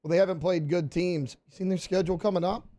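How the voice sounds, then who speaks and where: A man's voice: high voice, steady tone, quick pace, mellow. A man who is a regular on a sports radio show, easygoing and making his case with rhetorical questions. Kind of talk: casual sports talk. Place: radio studio.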